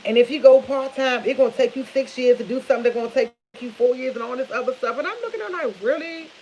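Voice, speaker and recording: A woman's voice: high voice, fast, slight background noise, poor audio. Fifty-something woman, casual storyteller cooking in her kitchen, faint sizzle behind. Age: 50s. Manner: chatty, animated storytelling with laughs, addresses viewers as y'all. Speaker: vlogger. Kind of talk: casual chat. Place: home kitchen while cooking.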